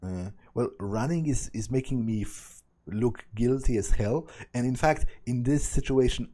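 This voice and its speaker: A man's voice: mid-range voice, dark tone. A young man reading a visual novel aloud and commenting as he goes, thinking aloud with hesitant restarts. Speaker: let's play narrator.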